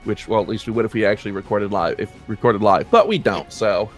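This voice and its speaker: A man's voice: on the low side, fast talker, faint music behind. Casting: young male podcast host, easygoing, chatty, restarts lines a lot. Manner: rambling, self-correcting, laughs often. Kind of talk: casual chat.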